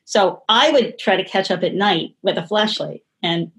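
Middle-aged lady rambling through an interview, lots of restarts, medium pitch. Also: moderate pace. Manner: rambling, frequent restarts and laughs. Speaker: guest. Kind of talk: casual interview conversation.

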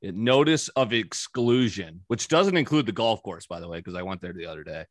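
Guy hosting a podcast, lowish voice, rambly and swears a lot, dry close sound. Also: expressive, fairly quick, no room sound. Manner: rambling, profane storytelling. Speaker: podcast host. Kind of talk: casual chat.

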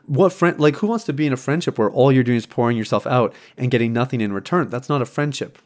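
An earnest man hosts a podcast, thinking aloud in a relaxed, reflective way. His voice sits at an ordinary middle pitch, and he often trips over and restarts his phrases, with plenty of ums along the way. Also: fast talker. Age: adult, married. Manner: earnest, conversational, many restarts and fillers. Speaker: podcast host. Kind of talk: reflective casual monologue.

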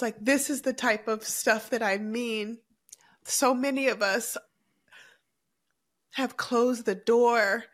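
Woman, 30s, podcast co-host; earnest, reflective, emotional delivery in casual chat. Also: a little high.

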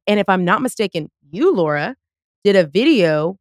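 A woman's voice: medium pitch, sing-song, normal speed, no room sound. Effusive woman podcast host, dry sound. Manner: effusive, talks through laughs and quotes herself. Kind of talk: casual chat.

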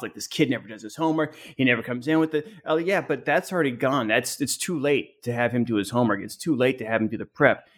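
A man telling a comedy club story in a casual podcast chat, with lots of fillers. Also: mid-range voice. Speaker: podcast co-host.

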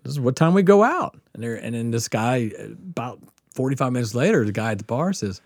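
Animated, profane Southern storyteller man. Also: mid-range voice, fairly quick, dry recording, studio quality. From Mississippi Gulf Coast. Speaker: podcast guest. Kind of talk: casual storytelling.

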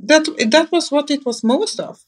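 A woman's voice: sits high, unhurried. A woman sits for an interview and tells her story in long, loose anecdotes. She often restarts her sentences and talks in an easy, conversational way. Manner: rambling, anecdotal, frequent restarts. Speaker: interview guest.

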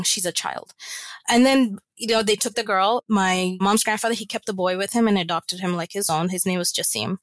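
A woman appears as a podcast guest, recounting a family story in an earnest, reflective way with many casual fillers, as personal storytelling in an interview. Her voice is mid-range with a fairly bright tone, and there is no echo.

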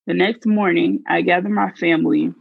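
Gravelly woman reading her own story. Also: on the low side, steady tone, moderate pace, phone-quality sound. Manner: earnest, confessional. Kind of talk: first-person story reading.

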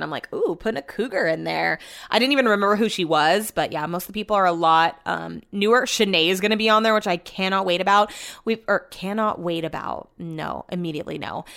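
A woman's voice: mid-range voice, fairly bright tone, clean tone. A young woman chatting casually, telling a story and swearing freely, with the quotes acted out in a raised voice. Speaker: vlogger.

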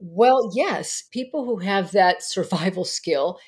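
Lively woman therapist telling stories. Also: medium pitch, slow, slightly rough. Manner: animated, laughs often while telling stories. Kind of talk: podcast conversation, storytelling.

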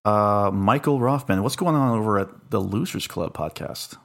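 A man hosting a podcast in casual chat, hoarse and losing his voice as he rambles through plugs and thanks. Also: lowish voice, moderate pace, fairly bright tone. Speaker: podcast host.

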